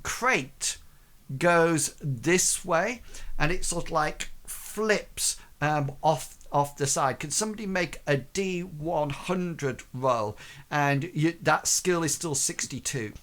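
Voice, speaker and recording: A man runs a tabletop game as game master, narrating at a slow pace. He rambles, leaning on lots of fillers like "sort of" and "like.". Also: a little high, a bit bright.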